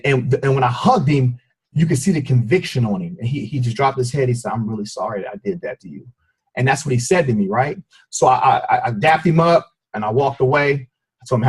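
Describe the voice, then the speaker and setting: A man's voice: mid-range voice, slightly rough, low-quality recording. A man, a fitness coach and father, telling a team call an emotional story of forgiveness, talking to listeners as y'all in a preacher-like way. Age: adult with a child. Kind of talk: motivational team call talk.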